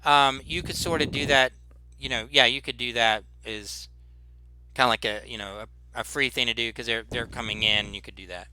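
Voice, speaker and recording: A man running a tabletop game as game master, narrating haltingly with many restarts. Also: mid-range voice, fairly even intonation, bright, forceful tone, dry recording, poor audio.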